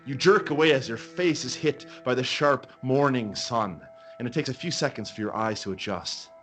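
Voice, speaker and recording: A man running a tabletop game as game master, telling the scene in a slow, dramatic way with long pauses. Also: mid-range voice, soft background music.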